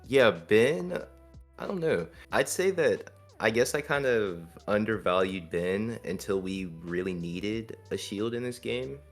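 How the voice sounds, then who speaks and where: A man's voice: on the low side, expressive, unhurried, soft background music. A man in a casual gaming chat over a video call, thoughtful and hedging as he weighs things up.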